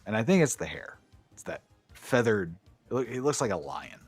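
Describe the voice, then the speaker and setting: Profane, lively male podcast recapper. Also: lowish voice, normal speed, slightly rough, faint music behind. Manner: profane, enthusiastic play-by-play recapping. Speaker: podcast co-host. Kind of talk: casual recap chat.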